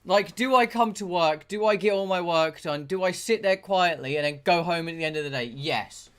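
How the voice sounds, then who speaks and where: A man's voice: sits high, moderate pace, a bit bright, clear, resonant tone. A young man, chatting casually and ranting with exasperation while he streams a game. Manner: ranting, exasperated, swears a lot. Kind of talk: casual chat while gaming.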